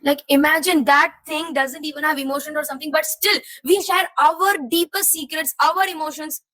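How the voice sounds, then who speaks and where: High-voiced young woman venting, confused and frustrated. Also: steady tone, normal speed, bright, forceful tone, rough recording. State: emotionally heavy. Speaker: vlogger. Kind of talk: personal venting to camera.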